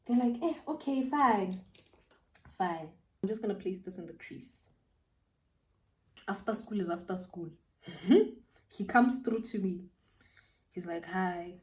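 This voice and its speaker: A young South African woman, a beauty vlogger, telling a story while doing her makeup, animated and slangy, laughing as she goes. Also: medium pitch, a little slow, long pauses, distant mic.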